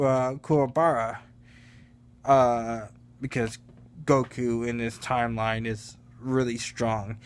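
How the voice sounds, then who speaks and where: A man casually improvising a fan story, rambling and often correcting himself with fillers. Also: mid-range voice.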